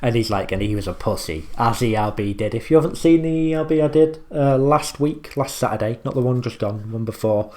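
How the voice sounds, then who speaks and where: Young male reactor, rambling and casual, swears, mid-pitched. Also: brisk, hardly any pauses, a little mellow. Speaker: reaction video host.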